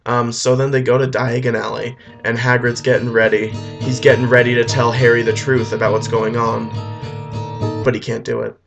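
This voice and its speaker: A man's voice: medium pitch, little pitch movement, normal speed, creaky. Offhand rambling guy telling a story, music faint behind. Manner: rambling, offhand, with filler restarts. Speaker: comic storyteller. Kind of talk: comic plot retelling.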